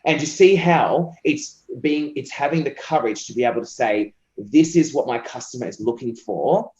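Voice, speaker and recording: An Australian man talks eagerly and at length in a casual interview, often slipping into quick voiced asides as he plays out what clients tell him. His voice sits at a middle pitch. It comes through a dull, slightly muffled line with a roomy echo around it. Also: a little mellow. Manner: passionate, talkative, acts out client quotes. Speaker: copywriter being interviewed.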